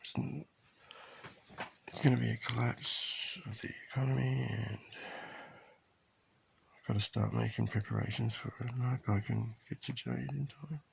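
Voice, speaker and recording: A father telling a tender family story in a halting, rambling way, recorded in an airplane cabin. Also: mid-range voice, fairly even intonation, gravelly, slight background noise. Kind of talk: rambling personal video diary.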